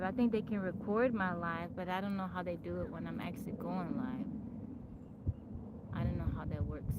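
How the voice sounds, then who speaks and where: A woman's voice: lowish voice, very noisy. A woman hosting a casual live stream, chatting and greeting viewers by name from her home in the woods. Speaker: livestream host.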